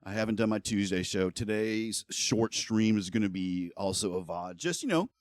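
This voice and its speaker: Low-voiced, foul-mouthed middle-aged man. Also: moderate pace, dry recording. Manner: blunt, heavily profane, heated ranting. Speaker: streamer. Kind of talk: casual livestream talk.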